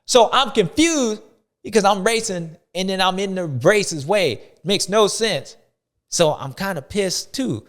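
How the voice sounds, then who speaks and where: A man's voice: sits high, a little slow. A man hosting a show, giving playful, slangy, rambling sports commentary. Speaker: show host.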